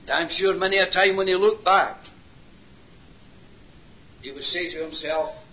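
Impassioned high-voiced man preaching. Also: a little slow, long pauses, slight background noise. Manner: impassioned, swings from hushed to loud. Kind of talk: sermon. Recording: lo-fi roomy hall recording.

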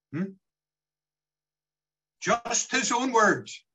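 A man delivers an earnest sermon. His voice is fairly high and bright, with a husky edge. It rises and sinks as he works through scripture. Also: expressive, measured pace, pauses often, poor audio. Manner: earnest, swelling and dropping as he quotes scripture. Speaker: preacher.

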